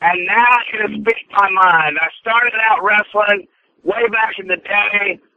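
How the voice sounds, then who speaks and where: A man in his forties, a wrestler guest calling in by phone, talking in a loud, blustering promo style. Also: high-pitched, unhurried, gravelly, no echo. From US Midwest. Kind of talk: phone-in interview. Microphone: telephone. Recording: tinny phone line.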